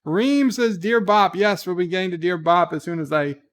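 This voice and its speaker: Lively man reading his stream chat. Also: high-pitched, moderate pace. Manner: reads viewer messages aloud with animated emphasis. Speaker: livestream host reading chat. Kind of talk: casual livestream chat. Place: home, talking from bed.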